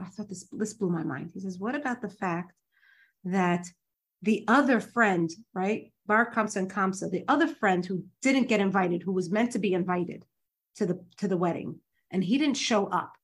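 Female guest teacher on a video call, chatty and self-correcting, medium pitch. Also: animated, moderate pace, slightly rough. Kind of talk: casual conversational interview.

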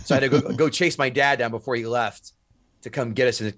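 A man who is a stand-up comic, a guest on a podcast, telling stories in a lively way and acting out the voices. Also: mid-range voice, a little fast. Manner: animated storyteller, acts out voices. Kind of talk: casual storytelling chat.

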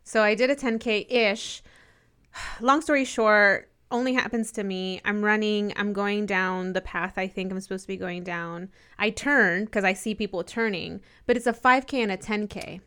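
A woman's voice: mid-range voice, normal speed, clear, resonant tone. A young woman co-hosting a podcast, telling a funny personal story in a casual chat and acting out the people she quotes. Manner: animated storyteller, laughs often, acts out the people she quotes. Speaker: podcast co-host.

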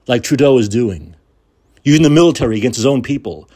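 A man's voice: medium pitch, animated, quick pace, mellow. Furious, profane man ranting. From United States. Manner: angry, profane, sarcastic ranting; repeats words for emphasis. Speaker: podcast host. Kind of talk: political rant monologue.

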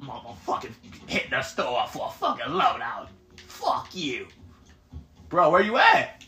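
A man calls out a shooter game on a live stream, cursing at his teammates and jumping into shouts. His voice sits high and swings widely in pitch. The sound bounces around an echoey room. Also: unhurried, creaky. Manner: profane, trash-talking teammates; excitable, bursts into shouting. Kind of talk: live gameplay commentary.

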